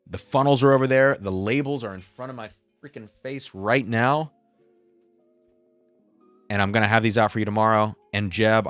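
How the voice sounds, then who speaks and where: A man's voice: lowish voice, a bit bright, clear, resonant tone, no room sound. Chatty man hosting a live stream. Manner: chatty, reads viewer comments aloud. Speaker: livestream host. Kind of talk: casual live-stream chat.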